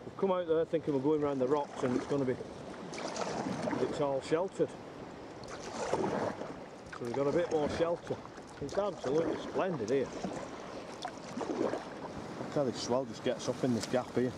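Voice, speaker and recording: A man's voice: mid-range voice, unhurried, pauses often. A man filming himself while sea kayaking, chatting casually and exclaiming at the scenery as he paddles. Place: outdoors on open sea in a kayak. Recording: loud wind and water noise. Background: wind and waves.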